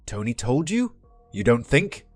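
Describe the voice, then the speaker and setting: A man reading the lines of a sharp, questioning wife in her forties in a dry, plain voice. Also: mid-range voice, very animated, a little slow, dry recording, soft background music. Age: 40s. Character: upset middle-aged wife, woman.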